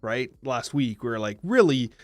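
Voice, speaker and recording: A man in his thirties co-hosting a podcast, telling stories in a quick, animated, talkative way. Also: mid-range voice, dry recording, soft background music. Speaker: podcast co-host. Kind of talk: casual chat.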